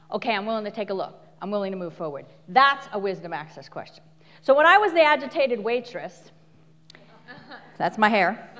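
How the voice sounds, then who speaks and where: Middle-aged woman, speaker and coach, animated storytelling, slightly high voice, long hall echo. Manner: animated, laughs often, acts out quotes. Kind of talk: live inspirational talk with stories. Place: large venue before an audience.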